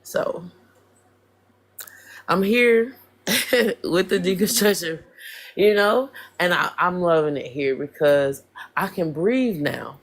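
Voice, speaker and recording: A guest speaks slowly in casual chat, halting and restarting often and leaning on "like" between thoughts. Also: mid-range voice. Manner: slow, halting, many restarts and "like"s.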